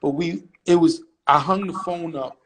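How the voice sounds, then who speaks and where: A middle-aged man telling a story as an interview guest, brash, profane and animated. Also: on the high side, moderate pace, slight background noise, rough recording.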